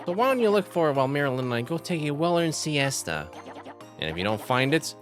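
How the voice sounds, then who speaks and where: A man's voice: a little high, very animated, fast, soft background music, pitched above the performer's own voice. A man voicing a scheming, cruel old female witch from a game, sneering and berating. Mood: scornful. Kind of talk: reading game dialogue aloud.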